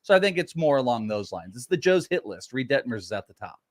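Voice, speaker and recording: A man's voice: medium pitch, very animated, fast. A man co-hosting a fantasy baseball podcast, teasing his partner and rambling with lots of fillers. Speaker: fantasy baseball analyst co-host. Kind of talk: casual podcast banter.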